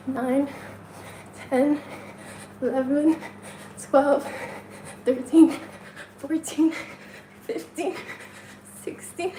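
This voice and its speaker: Woman, livestream host, high voice, slow easy pace, counts aloud and reads chat. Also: dark tone, slight background noise, poor audio. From China. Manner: counting aloud, reading and answering chat, laughing often. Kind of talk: casual live-stream chat. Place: hotel room.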